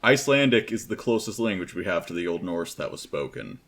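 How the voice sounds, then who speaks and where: A man's voice: deep voice, sing-song, a little fast, a bit bright. A young man in casual chat about a video game, hesitant, with many fillers, explaining at length. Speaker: game discussion panelist.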